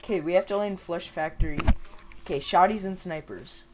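A young woman chatting with friends during an online game, giving quick callouts and teasing. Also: lowish voice. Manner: bossy callouts, playful teasing. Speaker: gamer. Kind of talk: casual gaming chat. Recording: clear background noise.

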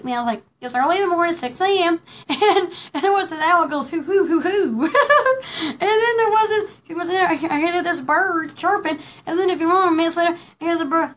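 A woman's voice: extremely high pitch, fairly bright tone. A woman hosting a casual live pearl jewelry showcase, gushing and giggling, rambling with lots of fillers. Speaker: host showing pearl jewelry.

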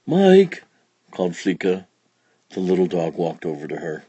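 A man reading a children's picture book aloud in a slow, expressive, gentle storytelling manner. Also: sits low, slightly rough, no echo, muffled recording. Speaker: storybook reader.

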